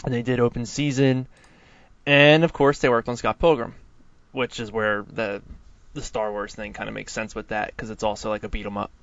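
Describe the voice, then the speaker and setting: A man's voice: on the low side, flat delivery, moderate pace, fairly bright tone. A man co-hosting a casual podcast, enthusiastic and filling his talk with likes and ums. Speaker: podcast co-host. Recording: dry, slightly dull mic sound.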